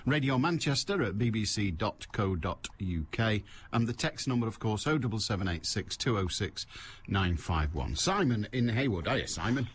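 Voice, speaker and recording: Wry, lively radio phone-in host man. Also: on the low side, normal speed, slight background noise. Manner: wry, teasing, laughs at his own jokes. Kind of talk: chatty radio monologue. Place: radio studio.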